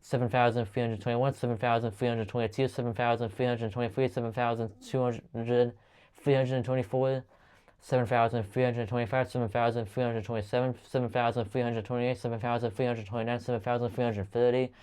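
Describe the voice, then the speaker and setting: In a smooth, medium-pitched voice, a channel host counts aloud rapidly and steadily for a long monotone video. He stumbles often and has to restart.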